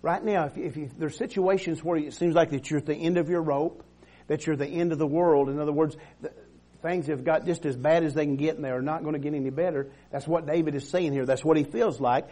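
Middle-aged man, pastor preaching with call-and-response energy; voice sits a bit high. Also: fairly even intonation, quick pace, dark tone. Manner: preaching with call-and-response, frequent amens and restarts. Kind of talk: sermon.

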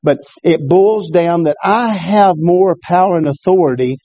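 Man preaching a sermon, mellow voice. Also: high voice, unhurried, no room sound, highs cut off. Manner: repeats words and restarts, calls out "Amen?" to the congregation. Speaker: pastor. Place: church.

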